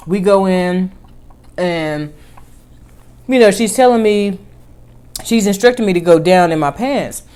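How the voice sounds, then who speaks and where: A woman vlogger telling a personal story in casual chat, animated, with lively swings in pitch and volume. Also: clean tone.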